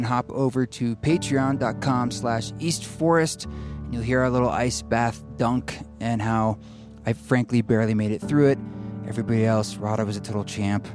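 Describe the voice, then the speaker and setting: A man hosting a podcast and giving its outro in a casual, friendly promotional way. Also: lowish voice. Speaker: podcast host. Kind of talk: outro announcement. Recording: voice over background guitar music.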